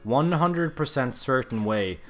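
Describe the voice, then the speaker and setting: A young man giving comedic gameplay commentary in a mock-solemn, grandiose deadpan manner. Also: mid-range voice, measured pace.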